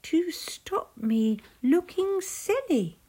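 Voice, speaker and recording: A woman's voice: very high-pitched, sing-song, drawn-out words, dark tone, pitched above the performer's own voice, full character voice. A woman voicing a shy, easily embarrassed little male hedgehog in a storybook reading, fretful and bashful. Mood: flustered.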